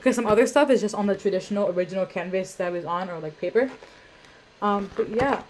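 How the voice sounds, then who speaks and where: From a room at home, a young woman hosts a live-streamed art auction over a webcam mic, chatting casually with lots of ums and self-deprecating tangents. Her mid-range voice is a little mellow, with a moderate pace and frequent pauses, and there's a slight hiss or hum.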